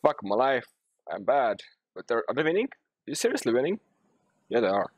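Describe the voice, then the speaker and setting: Husky-voiced male gamer yelling at teammates. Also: medium pitch, a little fast, no echo. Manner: excitable, swearing, yelling bursts at teammates. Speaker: streamer. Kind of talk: live gameplay commentary.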